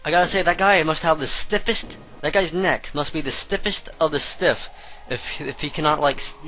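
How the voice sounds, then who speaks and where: A man's voice: a little high, normal speed, sharp tone, faint music behind, low-quality recording. A young man giving casual, rambling let's-play commentary, hesitant and chatty.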